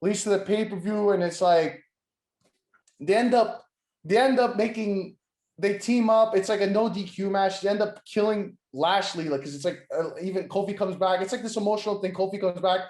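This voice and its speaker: Rambling, high-voiced man in an echoey room. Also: normal speed, a little mellow. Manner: rambling, full of "like" and restarts, acts out quotes, swears. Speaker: podcast co-host. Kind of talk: casual wrestling podcast chat.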